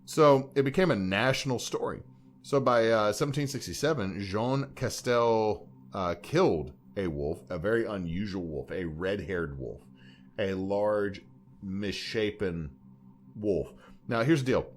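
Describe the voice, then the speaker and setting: A man's voice: fairly low pitch, lively intonation, unhurried. A man co-hosting a podcast in casual chat, rambling and joking as he talks. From Louisiana. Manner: rambling, joking, puts on silly voices. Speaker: podcast co-host.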